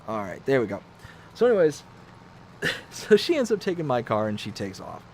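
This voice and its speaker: Animated man telling a story on stream. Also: medium pitch, moderate pace, vocal fry, a little hiss or hum. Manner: animated, acts out the voices in his story. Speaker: livestream host. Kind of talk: casual storytelling on a gaming livestream.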